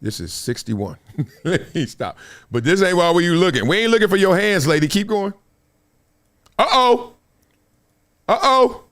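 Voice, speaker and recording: A middle-aged man hosting a live stream, his voice pitched high and swinging widely as he tells stories. He talks with a loose edge, acts out what other people said, and laughs and curses freely. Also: moderate pace. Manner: animated storytelling, acts out quotes, laughs often, swears. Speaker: host. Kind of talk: animated casual live-stream talk.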